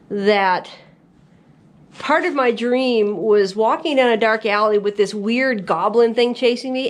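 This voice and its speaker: A woman hiker talking to her camera on a mountain trail, chatty and giggly as she tells a story. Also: on the high side. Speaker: thru-hiker vlogger. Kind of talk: casual outdoor vlog narration.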